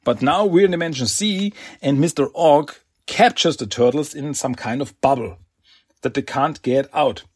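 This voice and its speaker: A man's voice: a little high, normal speed, husky, no echo, clean studio sound. A man hosting a podcast, giving an enthusiastic, chatty comic book review and laughing often. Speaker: podcast host.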